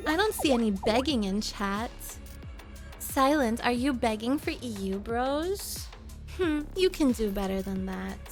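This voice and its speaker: A woman with a high voice chats with her viewers in an unhurried way. She teases them in a playful, mock-bossy manner and breaks into giggles often, with faint music playing behind her. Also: animated. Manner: teasing, playful mock-domineering; frequent giggles. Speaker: streamer. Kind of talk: casual livestream chat.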